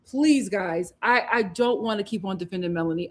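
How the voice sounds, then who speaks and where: A woman's voice: mid-range voice, normal speed, few pauses. A woman hosting a live recap show, talking emphatically and reading out viewers' comments as she gives her opinions. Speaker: host.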